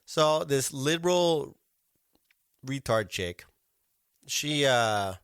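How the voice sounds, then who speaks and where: A male podcast host rants in a loose, profane monologue and mocks the people he talks about. His voice sits at a middling pitch but jumps around a lot. It sounds close and dry, with no room in it. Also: animated, extremely slow, fairly bright tone, smooth, no echo. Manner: profane, mocking, swears constantly. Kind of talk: casual ranting monologue.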